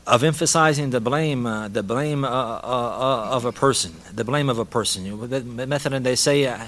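A man's voice: medium pitch, a little fast, a bit bright. A man teaching a lesson on a hadith and Arabic rhetoric, repeating key phrases, mixing in Arabic terms and laughing lightly. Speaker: Islamic teacher.

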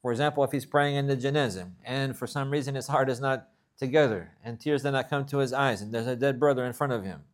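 A man teaching a religious lesson, reading Arabic text quickly and then explaining it slowly in English, often repeating himself. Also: medium pitch.

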